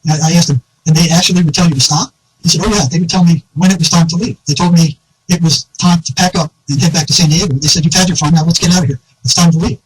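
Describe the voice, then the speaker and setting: A man telling an animated anecdote in a casual conversation, often quoting others and laughing. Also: fairly high pitch, rapid-fire, husky, low-quality recording.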